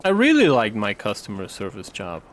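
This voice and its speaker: A man's voice: fairly low pitch, huge pitch swings, normal speed, slight background noise. A male streamer chatting casually while he plays, rambling and swearing through his stories. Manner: rambling, profane storytelling. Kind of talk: casual chat while gaming.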